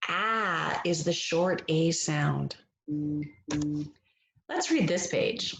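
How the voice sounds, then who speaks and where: A woman reading a picture book aloud as a phonics lesson, gentle and encouraging, stretching out the vowel sounds. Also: low voice, big pitch swings, drawn-out words, vocal fry, echoey room, slight background noise. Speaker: reading teacher.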